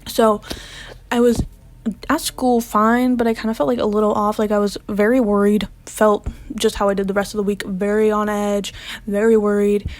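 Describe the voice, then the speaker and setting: A woman's voice: medium pitch, little pitch movement, moderate pace, darkish tone. Chatty young woman telling a storytime. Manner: chatty, lots of "like" fillers, drops to whispers when reliving panic. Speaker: vlogger. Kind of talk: casual storytime.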